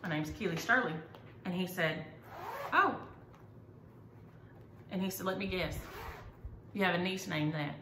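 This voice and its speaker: A woman's voice: lowish voice, fairly even intonation, measured pace, long pauses. Chatty woman in an echoey room. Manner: chatty, rambling, enthusiastic. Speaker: needlework vlogger. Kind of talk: casual chat. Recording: echoey room, faint ambient noise.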